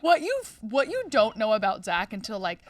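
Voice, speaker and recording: A woman's voice: mid-range voice, huge pitch swings, normal speed, distant mic. Bubbly young New woman. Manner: bubbly, laughs loudly, teasing. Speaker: podcast co-host and comedian. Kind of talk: casual chat.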